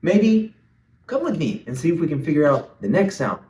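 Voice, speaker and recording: Animated man teaching young kids, singsong. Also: fairly high pitch, moderate pace, far from the mic. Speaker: children's language teacher. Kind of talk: playful kids' lesson. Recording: echoey room, voice off-mic.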